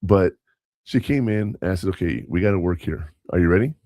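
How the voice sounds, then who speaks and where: In a dry, clean studio recording, a man with a low, warm voice speaks briskly with lively intonation. He's a substitute teacher co-hosting a podcast, rambling through casual stories with quoted dialogue and corrections of himself.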